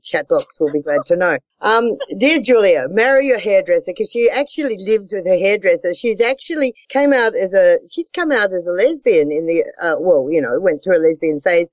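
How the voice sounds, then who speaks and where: Woman host, chatty and quick to laugh, dry video-call sound. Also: lowish voice, expressive, no echo. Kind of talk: casual chat over video call.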